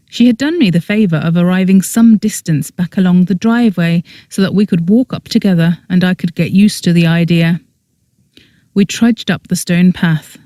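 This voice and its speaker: An audiobook narrator reading a first-person story in an even storytelling manner, close to the mic. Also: medium pitch, no room sound.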